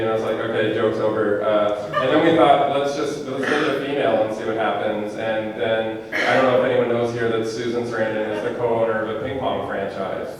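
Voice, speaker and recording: A man's voice: fairly low pitch, fairly bright tone, a little hiss or hum. A man, a film director, answering audience questions at a screening in a casual, rambling way with lots of fillers. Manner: chatty, rambling with fillers and quick asides. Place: movie theater auditorium. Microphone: handheld microphone. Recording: echoey theater heard from far off.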